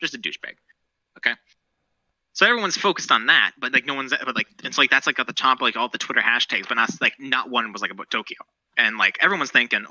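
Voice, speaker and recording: Ranting, profane male podcaster, bright edge. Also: mid-range voice, quick pace, dry recording, dull audio. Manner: rambling, profane and opinionated. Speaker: podcast co-host. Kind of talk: casual current-events chat.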